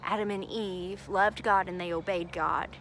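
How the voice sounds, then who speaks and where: A woman telling a Bible story to children at chapel in an animated, sing-song, exaggerated way. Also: mid-range voice, normal speed, slight background noise.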